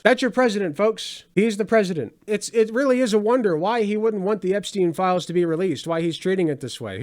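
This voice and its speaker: A man's voice: fairly high pitch, fairly quick, few pauses. A man hosting a political commentary show, talking in a sarcastic, conversational way with dry asides.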